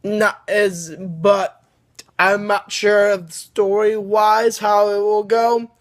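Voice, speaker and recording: A man hosts his own video and rambles through a fan story, often stopping to restart his sentences. His voice sits fairly high for a man. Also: flat delivery, slow pace. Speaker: video host. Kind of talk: casual vlog storytelling.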